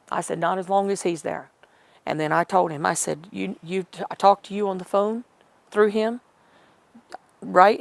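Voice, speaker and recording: A middle-aged woman recounts a personal story in an interview, her voice low and edged with fry. She rambles, restarts and corrects herself as she retells old conversations. The sound is close and dry. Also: no room sound.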